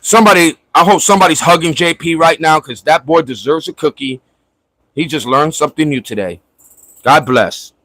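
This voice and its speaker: High-voiced man mocking a troll. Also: moderate pace, bright, forceful tone, no room sound, poor audio. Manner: mocking, profane ranting at a viewer. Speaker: livestream host. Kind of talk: casual livestream chat. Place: at home in Florida.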